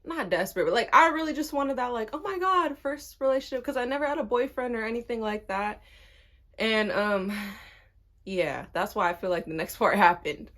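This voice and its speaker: A young woman telling a personal story in casual chat, animated and laughing often, her pitch jumping up when amused. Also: normal speed.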